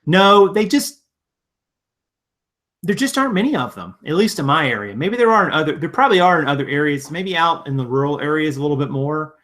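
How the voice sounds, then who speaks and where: Bright-voiced man chatting casually on stream. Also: a little high, animated, a little fast. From Virginia. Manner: rambling and conversational, with frequent restarts and chuckles. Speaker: live-stream host and reseller. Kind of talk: casual live-stream chat, reading viewer comments.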